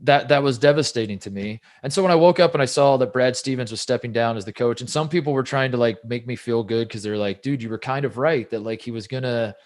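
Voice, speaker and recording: A man's voice: mid-range voice, quick pace, few pauses. A man co-hosting a casual sports podcast, rambling and self-deprecating, often restarting his sentences. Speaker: podcast co-host.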